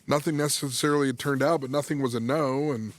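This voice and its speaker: Man in his thirties, podcast guest, mid-pitched voice, animated storyteller who restarts his phrases a lot. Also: fast talker. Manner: animated, restarts phrases, acts out quoted dialogue. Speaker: guest, sports psychology coach. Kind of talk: casual storytelling in a podcast interview.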